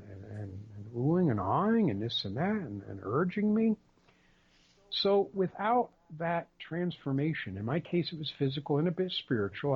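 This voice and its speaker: Husky-voiced emphatic podcast man. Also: on the high side, muffled recording. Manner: emphatic, rambling, repeats words. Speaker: podcast co-host. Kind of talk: casual conversational podcast.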